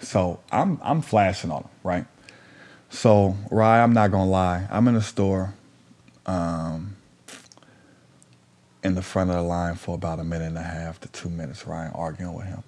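A man with a low, husky voice tells a story in casual chat. His speech is animated and slangy, heavy on profanity, and he repeats lines for emphasis. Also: moderate pace.

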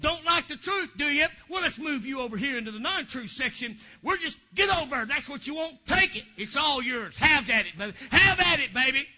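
A man voicing God as a stern male figure who scolds and shouts at the stubborn, on a dull lo-fi recording. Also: very high-pitched, animated, a little fast, hardly any pauses, pitched above the performer's own voice, heavily acted. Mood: stern scolding.

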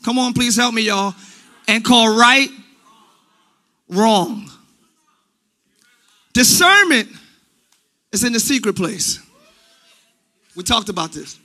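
A man with a strikingly high voice preaches in a church. His tone is sharp and bright. He drives his points home with shouted emphasis. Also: lively intonation, takes it slowly, long pauses. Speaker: pastor. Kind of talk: sermon. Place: church sanctuary.

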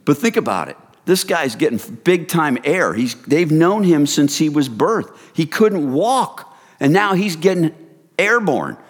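A man preaching a sermon in a casual, animated way, swinging from hushed lines to loud excited bursts. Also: a little high, unhurried, husky, long reverb tail. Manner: casual, addresses the crowd as "you guys".

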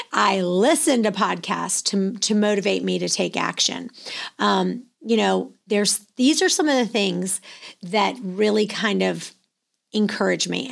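A middle-aged woman giving a motivational talk, energetic and full of anecdotes told with acted-out quotes. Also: mid-range voice, vocal fry. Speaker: real estate business owner.

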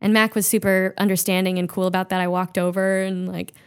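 A woman's voice: mid-range voice, little pitch movement, fairly quick, clean tone. Swearing, laughing woman comedian. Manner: swears freely, laughs through an emotional story. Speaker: comedian guest. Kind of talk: casual chat.

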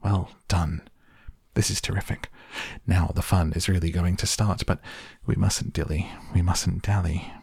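A man voicing an eccentric, cheerful chocolate maker in a storybook reading, brisk, gleeful and theatrical. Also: low-pitched, fairly even intonation, creaky, a little mellow, breathy edge, dry recording, studio quality, exaggerated voice.

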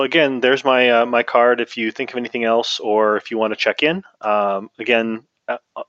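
A man playing a tabletop game speaks in a measured, careful way, pausing on frequent fillers. The sound is dry and a little dull. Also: mid-range voice, fairly bright tone, no echo. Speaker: player. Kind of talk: tabletop game play and in-character talk.

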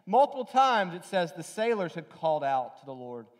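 High-voiced man preaching earnestly. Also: sing-song, moderate pace. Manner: earnest, with many restarts and repeated phrases for emphasis; acts out quoted lines in a raised, pleading voice. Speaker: pastor. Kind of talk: sermon.

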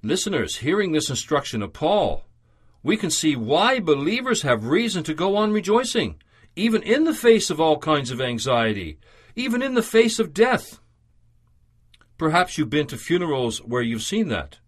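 A man delivers a scripted radio devotional with a fairly high voice. His delivery is earnest and measured, and his pitch rises and falls expressively to press each point home. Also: big pitch swings, husky. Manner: measured, earnest, emphatic reading.

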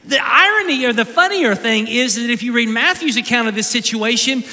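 A man preaching in a high, sharply bright voice that swings widely up and down, joking with the congregation and doubling back on his words. The sound rings with the long reverb of a large church hall. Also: a little fast. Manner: animated, joking, repeats words mid-sentence. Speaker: pastor. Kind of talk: humorous sermon.

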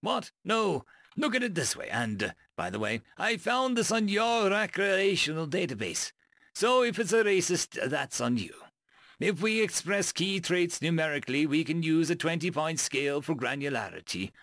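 A man's voice: fairly high pitch, very animated, moderate pace, a bit bright, no room sound. A man voicing an earnest, pedantic male alien crewmate who explains things in a matter-of-fact, over-detailed way. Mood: explaining.

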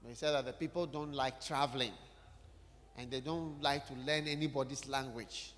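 A man's voice: mid-range voice, steady tone, moderate pace, fairly bright tone, slight background noise. A man preaching a sermon, talking conversationally and putting questions directly to the congregation in a church hall.

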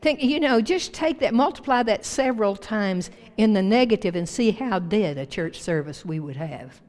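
A woman pastor preaching a sermon to her church with emphatic swings in pitch and volume. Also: expressive, normal speed. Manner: emphatic preaching with big rises and drops in pitch and loudness. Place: church sanctuary. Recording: long reverb of a church hall.

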